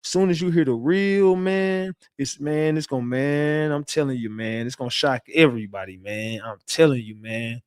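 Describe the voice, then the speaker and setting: A man's voice: mid-range voice, normal speed, hardly any pauses, smooth, no echo, studio quality, close to an everyday voice. A man putting on a jittery, evasive young man denying everything. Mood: pleading denial. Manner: evasive, repeats "man", pleading. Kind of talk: mock impression in livestream commentary.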